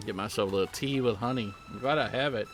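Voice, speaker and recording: A man streaming a game, muttering quiet, casual asides between reading lines. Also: fairly low pitch, fast, soft background music.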